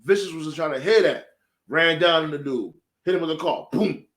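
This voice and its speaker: Guy recapping a show, slangy and cussing a lot, voice on the higher side, real animated. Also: moderate pace. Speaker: show reviewer. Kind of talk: casual story recap.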